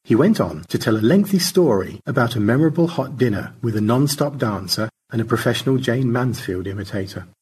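A man narrating a science fiction short story in a measured storytelling manner. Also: mid-range voice, lively intonation, darkish tone, breathy edge.

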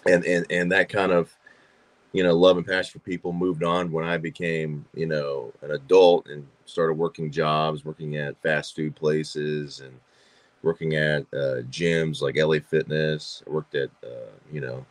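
A man's voice: very deep voice, level tone, measured pace, no room sound. A man from Georgia, a guest on a podcast, telling stories in casual chat with lots of fillers and repeated words. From Georgia, USA. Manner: chatty storyteller, frequent fillers and repeats. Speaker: podcast guest, actor and filmmaker.

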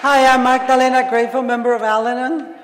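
A woman's voice: high voice, flat delivery, quick pace, some chatter behind, a little hiss or hum. A woman sharing her story as a speaker on a conference panel, laughing often and restarting her sentences. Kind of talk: personal recovery share. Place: large conference hall. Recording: echoey hall.

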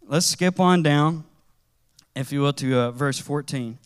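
A man preaching a sermon in a conversational, animated way, with casual slang as he tells stories. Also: on the high side, measured pace, clear, resonant tone.

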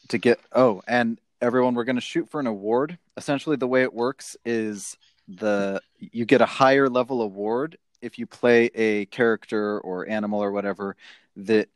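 A man's voice: on the low side, no room sound. A young man hosting a casual gaming chat on a headset mic, upbeat and laughing often. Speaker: host. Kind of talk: casual chat while playing a game.

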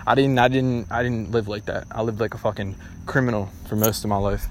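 A man's voice: on the low side, level tone, brisk, slight background noise. A young man hosting a casual solo podcast, talking bluntly and ramblingly with lots of swearing. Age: young adult. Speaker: podcast host.

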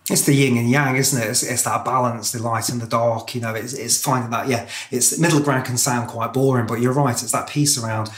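A man hosting a podcast, chatty and quick, often repeating words as he thinks. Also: medium pitch, fairly even intonation, a bit bright, echoey room. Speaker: podcast host. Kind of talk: casual podcast conversation.

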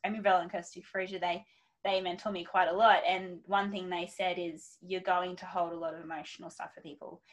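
A woman in her thirties talks casually on a podcast in a slightly low voice. She is chatty and relaxed, and her talk is full of "like" and "literally". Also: brisk, low-quality recording. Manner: chatty, uses "like" and "literally" a lot. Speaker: professional declutterer.

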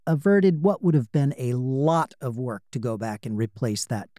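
Mellow-voiced male podcast host, dry sound. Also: mid-range voice, moderate pace, dry recording. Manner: animated storytelling, repeats words for emphasis. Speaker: podcast host and audiobook narrator. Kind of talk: conversational interview.

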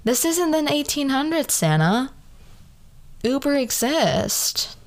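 Young woman, podcast host, casual comedic monologue, slangy, rhetorical questions, very lively pitch. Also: slow. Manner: chatty, rhetorical, full of slang and fillers.

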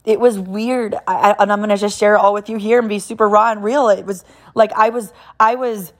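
A woman's voice: mid-range voice, fairly even intonation, brisk. A woman in her thirties from Southern California, telling a personal story in a candid, emotional way, often restarting her sentences. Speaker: vlogger sharing a personal story. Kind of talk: candid personal faith talk.

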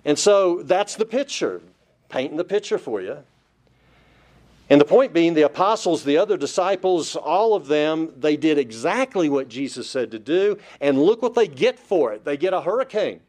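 A man with a fairly high-pitched voice preaches a Bible-study sermon. He is emphatic and keeps putting rhetorical questions to his listeners. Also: sing-song, normal speed, darkish tone. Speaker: pastor.

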